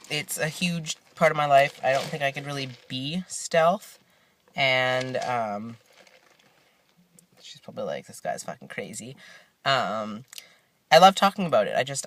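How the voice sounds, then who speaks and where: A man's voice: mid-range voice, sharp tone, dry recording. A young man talking casually to the camera for a vlog while sitting in a parked car, laid-back and rambling, with lots of fillers and restarts. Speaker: vlogger.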